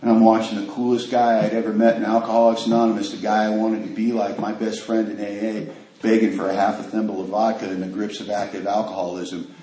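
A man sharing his recovery story at a meeting, a vivid storyteller with casual street grammar who acts out the voices of others and drops to a hush in tense moments. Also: fairly low pitch, little pitch movement, fast talker. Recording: echoey room.

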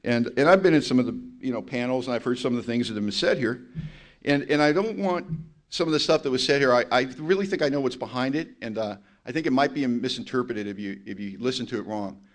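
A man giving a personal testimony to a recovery meeting, with a voice of middling pitch. He talks bluntly and mocks himself, and he tells his story with energy, slipping into the voices of the people he quotes. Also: quick pace. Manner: blunt, confessional and self-mocking.

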